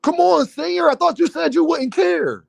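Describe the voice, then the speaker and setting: A man with a high-pitched voice rants at his live chat, heated and insistent, full of street slang. His voice is dry and close, with no room sound at all. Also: moderate pace, gravelly, darkish tone, no echo. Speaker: boxing commentary streamer. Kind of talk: live stream rant.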